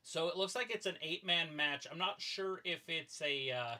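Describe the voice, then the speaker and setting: Bright-toned laid-back man. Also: on the high side, normal speed. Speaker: stream co-host. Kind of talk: casual chat.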